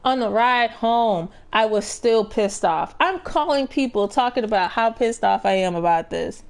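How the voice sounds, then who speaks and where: A young adult woman telling a story with animated, profane energy and lots of restarts while she plays a game. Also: fairly high pitch, normal speed. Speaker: gaming streamer. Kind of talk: casual storytelling while playing.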